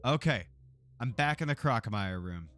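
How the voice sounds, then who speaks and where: A man's voice: medium pitch, lively intonation, moderate pace, fairly bright tone. A man from Texas chatting casually and cursing while streaming a game, laughing often. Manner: laid-back, profane, laughs often, jokey asides. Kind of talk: casual live gameplay chat.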